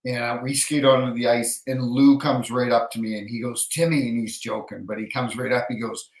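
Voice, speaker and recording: A middle-aged man, an NHL referee, telling an animated hockey anecdote in casual storytelling, acting out the voices of others. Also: medium pitch, a little fast, creaky. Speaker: NHL referee, podcast guest. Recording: roomy echo.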